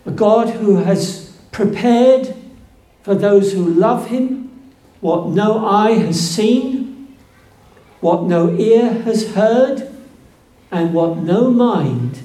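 A man preaching a sermon, slow and emphatic, building to fervent peaks. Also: high voice, animated, dark tone. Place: church. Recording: echoey church room.

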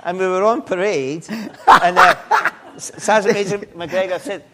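A middle-aged man recounts his past in an interview. His voice is bright and forward. He talks softly and haltingly, often restarting his sentences. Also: sits high. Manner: halting, with many restarts, soft and reflective. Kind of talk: personal testimony in an interview.

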